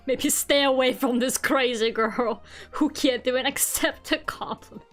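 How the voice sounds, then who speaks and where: High-voiced chatty young woman streamer. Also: measured pace, soft background music. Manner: chatty, self-mocking, laughs often. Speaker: VTuber streamer. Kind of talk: casual stream chat.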